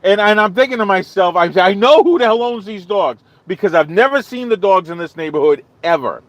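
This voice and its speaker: A man on his live stream spins a long, rambling story for his chat, voicing every line of dialogue himself. His slightly high voice moves fairly quickly in a loose, chatty telling, he isn't from the American South, and the recording is dry.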